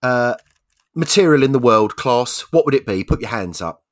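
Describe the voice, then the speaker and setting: A man voicing an exasperated female schoolteacher in a high, strained voice. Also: animated, moderate pace, no echo, clean studio sound, close to an everyday voice. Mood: patient.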